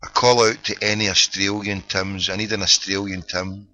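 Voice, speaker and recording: A man's voice: sits low, level tone, moderate pace, few pauses, sharp tone, no room sound, low-quality recording. A middle-aged man with a Glaswegian accent hosting a phone-in podcast, ranting sarcastically and swearing freely in casual solo commentary. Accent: Scottish, Glaswegian.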